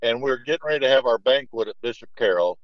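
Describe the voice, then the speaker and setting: A middle-aged basketball coach tells anecdotes in a casual interview, speaking quickly at medium pitch. He rambles with lots of "you know" and restarts but gets lively when quoting others, and the recording sounds dull, lo-fi and dry.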